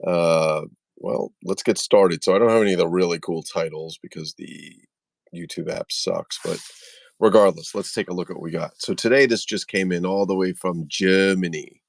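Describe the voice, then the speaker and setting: A man's voice: low voice, normal speed, creaky, no echo. A man hosting a casual toy unboxing livestream from his phone, rambling and joking, greeting viewers by name. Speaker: toy collector livestream host.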